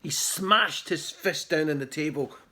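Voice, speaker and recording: A man reading his children's book aloud in an animated, theatrical way. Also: fairly high pitch, unhurried.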